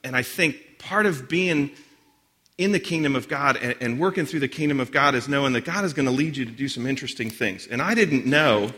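A man's voice: medium pitch, fairly quick, sharp tone. Chatty, self-deprecating man preaching. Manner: chatty, self-deprecating, with many restarts and asides. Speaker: guest speaker. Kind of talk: sermon with personal stories.

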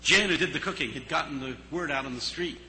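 A man telling a story in a sermon, earnest and dramatic, pausing for effect. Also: on the high side, sharp tone, slight background noise, poor audio.

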